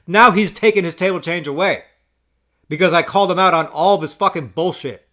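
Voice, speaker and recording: Male vlogger with a slightly raised pitch, venting a story in an irritated, cursing rant. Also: brisk, a bit bright. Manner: profane and exasperated, stammering restarts. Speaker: poker player vlogger. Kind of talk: ranting storytelling.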